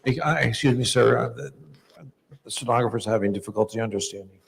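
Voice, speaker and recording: Male board chair, gravelly, businesslike, echoing meeting hall. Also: medium pitch, quick pace. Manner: brief, procedural, calling names. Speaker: board chair running public comment. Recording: long reverb in a hall, faint crowd.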